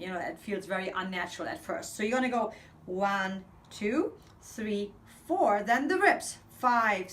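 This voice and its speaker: A woman's voice: mid-range voice, slight background noise. A woman vocal coach leading a breathing lesson, counting steadily and speaking in an upbeat, encouraging way.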